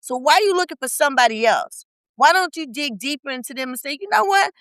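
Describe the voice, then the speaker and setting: A woman with a bright, high, forceful voice coaching in a podcast interview. She speaks bluntly and colloquially and fires off quick rhetorical questions. The sound is dry and close. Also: lively intonation, no room sound, poor audio. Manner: emphatic, rapid-fire rhetorical questions. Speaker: business coach guest. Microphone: podcast studio mic.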